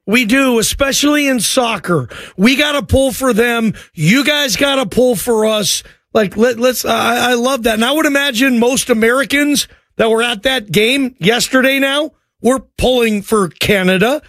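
A man's voice: extremely high pitch, moderate pace, few pauses, a bit bright, no room sound. A man hosting a call-in sports radio show, chatting loosely and joking with callers like buddies. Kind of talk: casual call-in radio chat. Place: radio studio.

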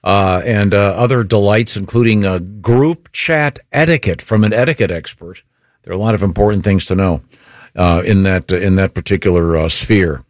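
A man hosting a morning radio show, chatting relaxed with many pauses. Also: low-pitched, dry recording, studio quality.

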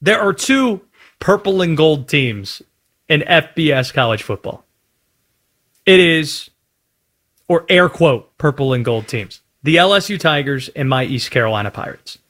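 A man with a voice on the high side and an unhurried delivery hosts a sports talk radio show. In the studio he launches into animated, playful rants about team colors.

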